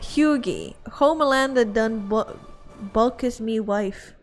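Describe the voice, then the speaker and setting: A woman putting on a mocking British accent as a gruff, cheeky bloke, with exaggerated slang. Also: fairly high pitch, slow, soft background music. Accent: put-on British.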